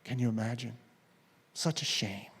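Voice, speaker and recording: A man preaching a sermon, retelling a story with acted quotes and dropping to a hush at key points. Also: mid-range voice, moderate pace, husky. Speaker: pastor.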